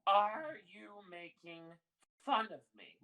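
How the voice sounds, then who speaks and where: A man's voice: high-pitched, big pitch swings, brisk, bright, forceful tone, pitched above the performer's own voice, heavily acted. Guy doing grumpy touchy old bar lady, suspicious of everyone. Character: very ugly, touchy old barmaid.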